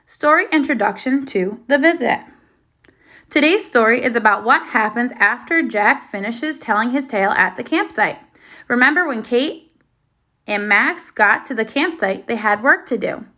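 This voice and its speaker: Her voice sits a little high as this woman teacher guides young children through a recorded reading lesson. She is slow, clear and encouraging, and her praise is lively.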